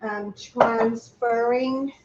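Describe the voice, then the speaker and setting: A woman's voice: on the high side, steady tone, extremely slow, dull audio, heavy background noise. A woman from Thailand with a Thai accent, hosting a live online cooking class, chatty and playful, asking viewers questions as she works.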